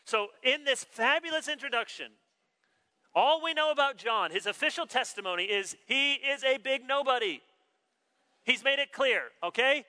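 Bright-voiced preacher in a reverberant hall. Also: male voice, very high-pitched, normal speed. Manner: animated, acts out quoted dialogue. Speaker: pastor. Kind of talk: sermon. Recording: long reverb of a large hall.

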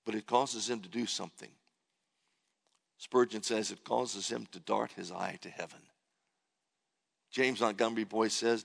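A man's voice: lowish voice, moderate pace, gravelly, long pauses, husky. A man preaching a sermon, earnestly reading and paraphrasing scripture in the first person. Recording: long hall reverb.

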